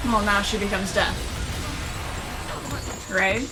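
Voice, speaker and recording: A woman's voice: medium pitch, flat delivery, takes it slowly. A woman giving casual reaction commentary, emotional, exclaiming and swearing often. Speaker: reaction video host. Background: episode audio and music.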